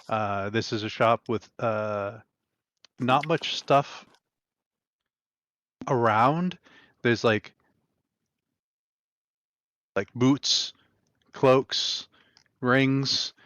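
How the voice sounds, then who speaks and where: A man's voice: medium pitch, drawn-out words, pauses often, fairly bright tone, no echo. A man running a tabletop game as game master, narrating casually with many fillers.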